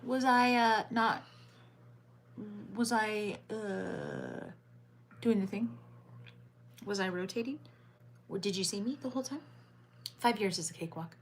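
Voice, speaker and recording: A woman's voice: medium pitch, very animated, measured pace, pauses often, slight background noise. A woman hosting a late-night livestream, chatting with viewers by name and reading crime headlines aloud. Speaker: livestream host.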